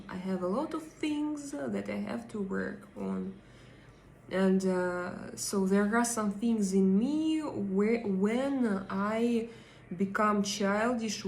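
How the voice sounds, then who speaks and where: A woman's voice: mid-range voice, a little mellow, echoey room, a little hiss or hum. A woman with a Russian accent, hosting a casual live stream, chatting with her viewers and reading their comments, with many fillers and hesitations. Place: home in Denmark.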